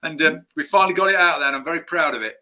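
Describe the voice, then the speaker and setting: A man with a very bright, fairly high voice chats as a screenwriter guest. He tells rambling, anecdote-driven stories and keeps breaking off to restart his sentences. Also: very fast. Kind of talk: casual interview chat.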